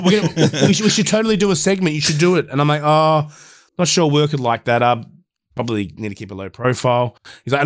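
Man, podcast co-host, lively storyteller, swears freely, acts out quotes. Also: a little high. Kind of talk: casual chat, storytelling.

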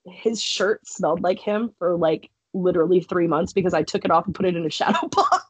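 A woman's voice: on the low side, expressive, fairly quick, husky, no echo. A young woman on a podcast telling a personal story casually, swearing freely and laughing often. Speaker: podcast guest, wrestler.

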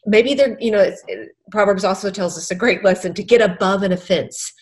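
A middle-aged author and former counselor appears as a podcast guest, talking about faith earnestly and through tears. Her mid-range voice holds a steady tone at a fairly quick pace, and she stresses and repeats her key phrases.

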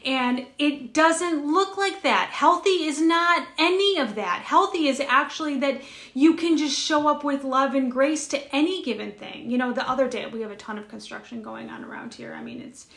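A woman's voice: high voice, moderate pace, vocal fry, fairly bright tone, echoey room. A woman co-hosting a spiritual chat show, telling a personal story in an earnest, rambling way with many restarts. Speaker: podcast co-host.

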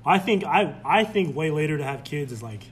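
A young man in his twenties, relaxed and quick to laugh in casual podcast talk. His pitch sits a little high and jumps around a lot, with a faint hum in the background. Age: 20s. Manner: easygoing, laughs often, animated. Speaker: podcast co-host. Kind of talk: casual chat.

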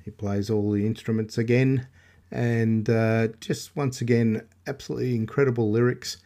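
A man hosting a radio music show in a relaxed way, cracking jokes about himself and pausing on fillers. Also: mid-range voice. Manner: joking asides, hesitant fillers. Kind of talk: casual radio presenting.

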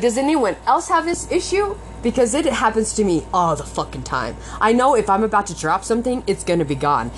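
A woman vlogger venting at home, swearing freely and arguing with herself as her frustration rises and breaks into laughs. Her voice sits at an average pitch. The phone recording sounds muffled, with a faint hiss of noise behind her. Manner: swears a lot, talks to herself, swings between frustrated and laughing. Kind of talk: venting casual monologue.

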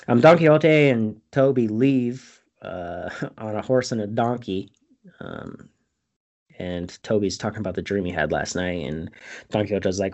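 A man's voice: lowish voice, sing-song, unhurried, fairly bright tone. A man hosting a podcast, recapping a film in casual, profane chat and acting out the characters' lines. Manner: swears freely, acts out characters' lines.

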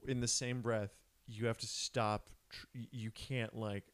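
A man's voice: fairly low pitch, level tone, a little slow, clear, resonant tone, no echo. A man co-hosting a podcast in casual chat, swearing freely, laughing, and restarting his sentences often. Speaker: podcast co-host.

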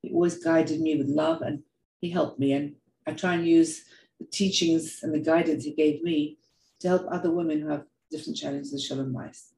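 An older woman giving a heartfelt personal talk, telling stories in an earnest, animated way and often repeating words. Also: deep voice, normal speed, vocal fry, echoey room, a little hiss or hum, poor audio. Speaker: speaker sharing reflections.

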